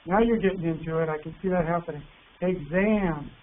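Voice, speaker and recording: A man presenting an online teacher workshop, patient and encouraging, reading words out slowly. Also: on the high side. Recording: tinny phone-like line with faint hiss.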